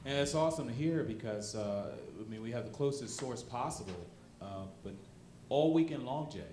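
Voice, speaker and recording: A man moderating a convention panel, enthusiastic and halting with fillers. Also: medium pitch, lively intonation, dark tone. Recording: echoey hall with faint noise.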